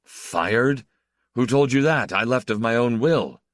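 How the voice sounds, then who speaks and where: A man reading aloud and voicing a bitter, insecure, defensive young man with a gruff, blunt manner. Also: mid-range voice, lively intonation, unhurried, a bit bright, no room sound, clean studio sound, voice pushed up.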